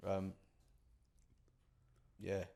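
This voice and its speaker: A low-voiced man in easy, casual podcast chat. He tells stories with animated energy, his pitch jumping up when he gets excited. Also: drawn-out words, vocal fry. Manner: animated, chatty storyteller. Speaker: podcast co-host, session singer.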